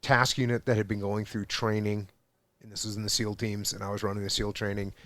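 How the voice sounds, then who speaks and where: A man in his forties, a former military leader, explaining his ideas emphatically in a casual podcast conversation. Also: fairly low pitch. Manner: emphatic, explanatory, building points with repetition.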